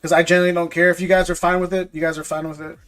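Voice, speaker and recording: A man's voice: high voice, little pitch movement, rapid-fire, a bit bright, soft background music. A man selling trading card packs on a live stream, chatting casually with viewers and calling them bro. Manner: laid-back, talks to viewers as bro. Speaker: livestream card seller.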